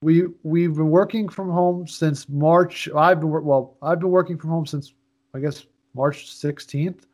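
A man co-hosting a casual podcast, talking in an animated, rambling way and swearing often. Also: fairly high pitch, measured pace. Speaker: podcast co-host. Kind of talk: casual chat.

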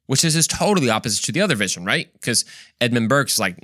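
A Christian podcast host talks quickly in a sharp, mid-range voice with big pitch swings, recorded in a studio with no echo. His emphatic monologue leans on rhetorical questions, and he often repeats words and restarts.

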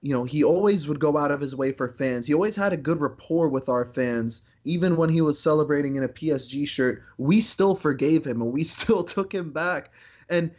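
A man's voice: fairly high pitch, fairly quick, hardly any pauses, darkish tone. Rambling man with slightly dull sound. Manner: rambling, many restarts and fillers. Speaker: podcast co-host. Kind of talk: casual sports chat.

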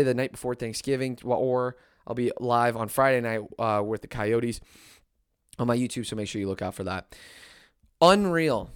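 A man who runs a sports channel, ranting as an excited fan and swinging between loud cheering and low muttering. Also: clear, resonant tone. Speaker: sports YouTuber.

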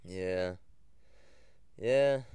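Young american guy rambling about growing up, lowish voice, super clean and dry sound. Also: drawn-out words, dark tone, clear, resonant tone, no room sound. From United States. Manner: rambling and reflective, many fillers and restarts. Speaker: podcast host. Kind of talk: casual personal storytelling.

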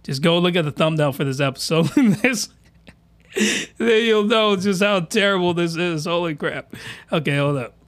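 High-voiced man ranting excitedly. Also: normal speed. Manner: excitable, crude, shouting outbursts with voice cracks. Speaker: anime reaction host. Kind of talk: excited reaction commentary.

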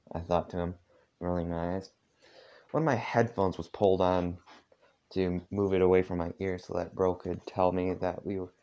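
A tired man casually reading a story aloud at home, halting often with asides. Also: deep voice, darkish tone. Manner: halting, with frequent asides and filler. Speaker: fanfiction reader. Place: dark room at home.

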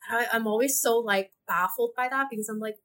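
A woman from Hong Kong, a podcast guest, telling animated personal stories and laughing often in a casual interview. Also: on the high side, fast.

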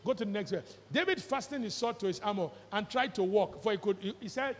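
Male pastor, very high voice, fervent sermon, repeats and quizzes the crowd, long church-hall reverb. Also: fast. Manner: fervent preaching, shouts scripture quotes, quizzes the congregation.

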